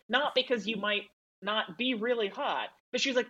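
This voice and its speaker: A woman co-hosting a podcast in casual film talk, chatty and quick to laugh, swearing freely. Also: a little high, sharp tone, muffled recording. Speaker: podcast co-host.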